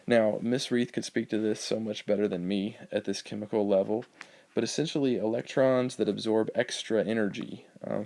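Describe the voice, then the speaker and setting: Guy teacher walking thru biology slides, lowish gravelly voice, lots of ums and uhs. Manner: relaxed explaining with many ums and uhs; talks over slides. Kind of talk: recorded classroom lecture.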